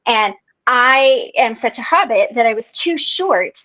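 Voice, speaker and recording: A woman's voice: fairly high pitch, lively intonation, unhurried, bright, forceful tone, no echo. A woman hosting an online recovery meeting, telling stories casually and animatedly, laughing often. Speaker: meeting host. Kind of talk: casual online support group chat. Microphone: video call. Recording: muffled dry video call audio.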